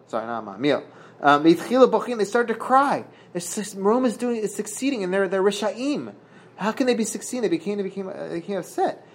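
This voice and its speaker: A man with a slightly high-pitched voice leads a relaxed Talmud study session. He reads out Hebrew and Aramaic lines and then explains them in plain English. His delivery is halting, full of "uh" and repeated words. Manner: halting, many fillers and restarts, reads Hebrew then translates. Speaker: Talmud teacher. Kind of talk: casual daf study lesson.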